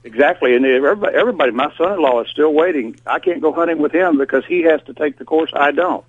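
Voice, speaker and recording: A man's voice: on the high side, fast talker, breathy edge, no room sound. A man calling into a talk radio show, speaking emphatically and repeating himself. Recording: tinny phone line.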